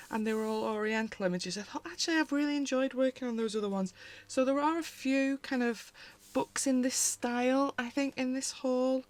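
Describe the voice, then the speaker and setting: A British woman hosts a casual haul vlog from her home, her pitch sitting in an ordinary middle range. She rambles chattily, doubling back on herself and tossing in little asides as she goes. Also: a little hiss or hum. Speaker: colouring channel host.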